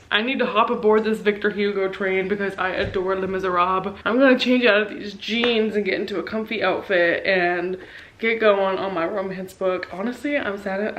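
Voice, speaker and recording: A woman in her twenties vlogging about books at home, chatty and gushing, quick to turn sentimental. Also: medium pitch, fairly bright tone, low-quality recording. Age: 20s. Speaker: book vlogger. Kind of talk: casual chatty vlog.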